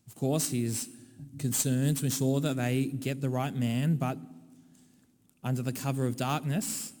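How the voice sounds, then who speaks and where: Australian preacher in a reverberant hall. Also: male voice, mid-range voice, fairly even intonation, measured pace, warm tone. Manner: conversational and wry, with dry asides. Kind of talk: sermon.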